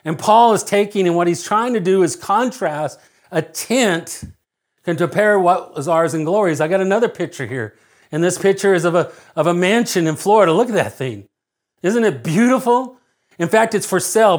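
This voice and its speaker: A middle-aged man preaching a sermon, earnest, repeating phrases for emphasis and dropping to a hush when he tells a personal story. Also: sits high. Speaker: pastor.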